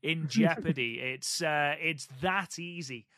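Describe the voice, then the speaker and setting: A man's voice: fairly high pitch, takes it slowly, pushed and bright, no room sound, clean studio sound. A man co-hosting a casual podcast, wry in tone, speaking straight to the listeners. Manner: wry, addresses listeners directly. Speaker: podcast co-host. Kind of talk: casual chat.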